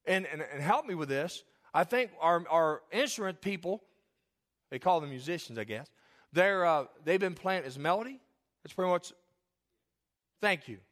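A high-pitched man preaches to his congregation in a church, teasing people by name and laughing along with them. He often falls to a hushed, earnest delivery when he turns to the spiritual point. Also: expressive, moderate pace. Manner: joking, calls on congregation by name; drops to soft earnest tone. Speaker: pastor. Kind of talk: sermon. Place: church sanctuary.

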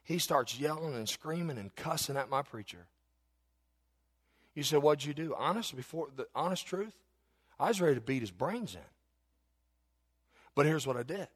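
A man preaching a sermon as a pastor, telling a personal story and building to fervent, shouted exhortation. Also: on the high side, animated, moderate pace, pauses often, slightly rough, long reverb tail.

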